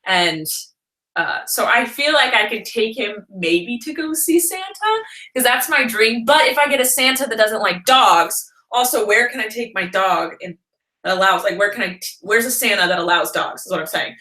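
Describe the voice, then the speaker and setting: Woman vlogger, casual livestream chat, rambling, higher voice, lots of ups and downs. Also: expressive, normal speed, bright, forceful tone. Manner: rambling, chatty, laughs often. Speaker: vlogger live-streaming. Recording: roomy echo.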